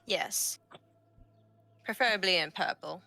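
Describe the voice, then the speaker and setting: A woman's voice: medium pitch, slow pace, gravelly, sharp tone. A woman player chatting playfully during a tabletop game. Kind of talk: casual chat.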